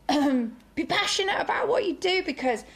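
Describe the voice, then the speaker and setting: A woman's voice: very high voice, big pitch swings, a little slow, gravelly. A chatty, bubbly woman leading a live video training call from home. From United Kingdom. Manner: bubbly and chatty, says "okie dokie". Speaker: sales team director. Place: home room with sunlight behind.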